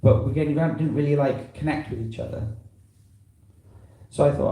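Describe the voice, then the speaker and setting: Man, visiting preacher, loose conversational talk, very dark tone, echoey temple room. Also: medium pitch, fairly even intonation, normal speed, vocal fry, long pauses. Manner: rambling and conversational, full of "you know". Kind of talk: informal talk to a temple congregation. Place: temple hall.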